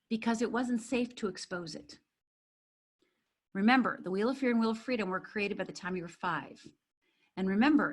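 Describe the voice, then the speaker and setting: A middle-aged woman coaching and teaching, talking in an animated way and acting out little scenes. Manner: animated, acts out a crying baby in a high voice. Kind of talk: teaching talk.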